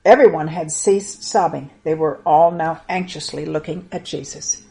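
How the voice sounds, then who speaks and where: A woman's voice: deep voice, moderate pace, gravelly, warm tone. Woman reading a Bible story to children.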